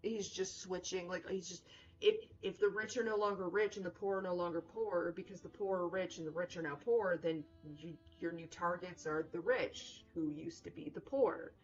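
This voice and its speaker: A woman's voice: on the low side, fairly even intonation, moderate pace. A young woman streaming a game, rambling and joking casually with lots of fillers. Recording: dull lo-fi with music.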